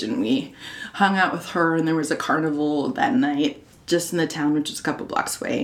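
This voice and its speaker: A woman in her thirties casually telling a personal story, animated and laughing often, her voice jumping high when excited. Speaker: storyteller guest.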